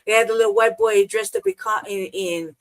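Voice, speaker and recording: A woman co-hosting a casual talk show, indignant and profane, mocking people by quoting them in a higher voice. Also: steady tone, a little fast. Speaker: co-host.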